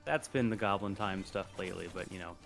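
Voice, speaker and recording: A man's voice: low voice, brisk, vocal fry, music in the background. A man chatting casually as a stream co-host, rambling with many fillers and restarts. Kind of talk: casual chat.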